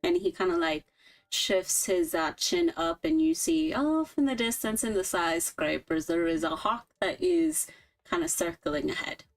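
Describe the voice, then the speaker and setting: A woman's voice: mid-range voice, very animated, faint music behind. Playful woman narrating role-play. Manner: playful, laughing asides, quick character notes. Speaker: improv partner and narrator.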